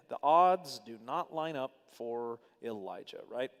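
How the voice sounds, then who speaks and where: A man teaching a Bible study in a church hall, reading scripture aloud with animated, casual asides to his group. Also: fairly high pitch, normal speed, hardly any pauses. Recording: long hall reverb.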